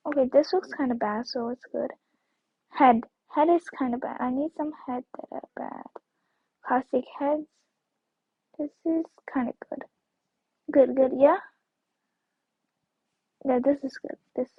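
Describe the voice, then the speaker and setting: A woman video creator gives casual gameplay commentary, rambling and repeating words, with sudden squeals and whispers. Her voice sits high, and the dull lo-fi recording has no echo.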